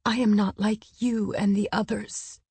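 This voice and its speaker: Lady reading a haughty young woman who snaps back, defiant, unhurried pace. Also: mid-range voice, level tone, darkish tone, slightly rough, no room sound. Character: proud, sharp-tongued young woman, bristling with anger.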